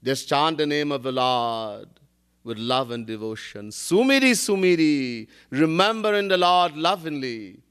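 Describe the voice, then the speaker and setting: Man, spiritual teacher, devotional discourse, chants verses, laughs often, slow. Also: mid-range voice, animated, fairly bright tone, clear, resonant tone. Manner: storytelling with chanted Sanskrit verses.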